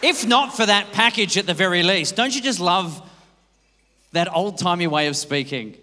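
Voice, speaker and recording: A man hosting an awards night as master of ceremonies, cracking quick jokes and bantering with the crowd. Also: high-pitched, big pitch swings, pushed and bright. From Australia. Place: large hall. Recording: long hall reverb.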